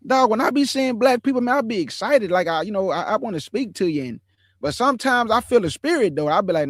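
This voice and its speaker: A man hosting an online show, chatting casually about scripture in relaxed slang and calling his viewers family. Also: sits high, fairly quick, no echo. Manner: laughs often while telling stories. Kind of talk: casual livestream chat on scripture.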